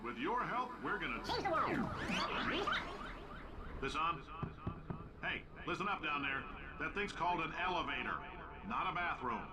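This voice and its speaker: A man's voice: fairly high pitch, big pitch swings, normal speed, pauses often, sharp tone, husky, no room sound, heavily acted. An actor playing a brash male corporate boss speaking over recorded announcements. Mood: boastful. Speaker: game announcer figure.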